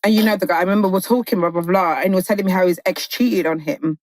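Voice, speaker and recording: Fast-talking blunt woman. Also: lowish voice, a little mellow, no room sound. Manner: blunt, swears freely. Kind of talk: casual chat.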